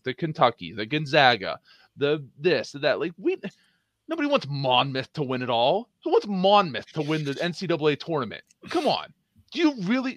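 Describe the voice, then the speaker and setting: A man's voice: on the high side, fairly bright tone, no room sound. A man co-hosting a sports talk show, arguing his case with emphatic rhetorical questions and punchy commands. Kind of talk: opinionated sports debate.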